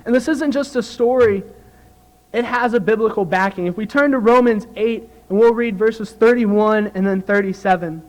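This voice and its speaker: A man's voice: high voice, normal speed, poor audio. A young man giving an earnest, conversational sermon at church, telling a story to make his point. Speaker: youth speaker at church.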